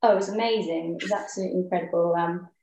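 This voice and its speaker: A woman's voice: on the low side, steady tone, rapid-fire. Young lady chatting about dance, lots of ums, echoey room. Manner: thoughtful, with many ums and soft laughs. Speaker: guest, ballet dancer. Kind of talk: casual interview chat.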